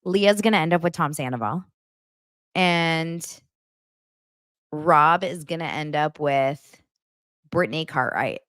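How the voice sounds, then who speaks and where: Woman, young adult, podcast host, gossipy, animated, very lively pitch, dry close sound. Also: slow, pauses often, no room sound. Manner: gossipy and animated, acting out quotes in mocking voices. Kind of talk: casual pop-culture recap chat.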